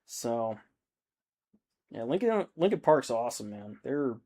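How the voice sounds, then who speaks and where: A man's voice: mid-range voice, sing-song, unhurried, mellow. Laid-back swearing man streaming. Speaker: streamer hosting a hobby painting stream. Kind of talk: casual chat reading viewer comments.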